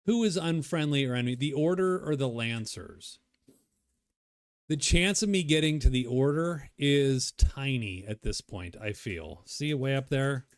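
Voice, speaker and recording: A man with a medium-pitched voice talks casually as he works through a solo board game. He muses aloud, wanders off on tangents and mutters to himself between moves. The sound is close and dry, with no room echo. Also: lively intonation, a little slow. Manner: thinking aloud, rambling, self-muttering. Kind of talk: casual solo playthrough commentary.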